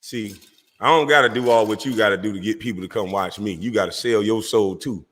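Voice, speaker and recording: A livestream host with a brisk, fairly bright, lowish voice rants heatedly at a rival in an echoing room. He mocks and calls out the rival directly.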